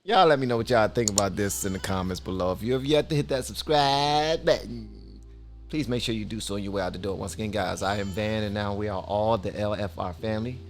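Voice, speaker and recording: A man's voice: fairly low pitch, a little fast, faint music behind. A man hosting a reaction video, chatting in a laid-back, slangy way. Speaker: reaction channel host. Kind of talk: casual reaction commentary.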